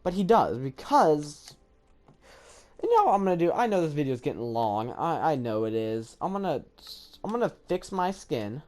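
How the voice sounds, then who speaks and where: Low-voiced woman, excitable and rambling. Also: brisk. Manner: chatty and excitable, thinks aloud with many fillers. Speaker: gaming video creator. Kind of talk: rambling gameplay commentary.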